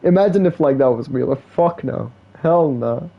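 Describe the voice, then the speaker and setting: A man's voice: mid-range voice, animated, a little fast, vocal fry, breathy edge. A young man from India chatting casually while streaming a game, slangy, joking and profane, full of "like" and "bro". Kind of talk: casual gaming stream chat. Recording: dull lo-fi stream audio.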